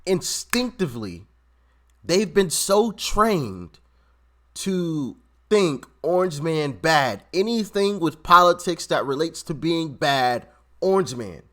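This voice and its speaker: A man giving casual, animated commentary on video clips, often repeating himself and laughing. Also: on the high side, takes it slowly.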